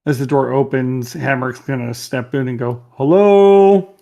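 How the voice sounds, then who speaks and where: A man with a gravelly, mid-pitched voice plays in a tabletop game session. He calmly narrates what his character does, in the third person. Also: normal speed. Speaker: player.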